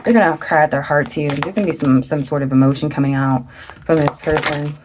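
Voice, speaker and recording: A woman with a lowish voice, chatting straight to her viewers as she lays out a tarot reading. Her talk is loose and excitable, full of exclamations and bursts of enthusiasm. A faint noise sits under the recording. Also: fast. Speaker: tarot reader. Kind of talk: casual tarot reading to camera.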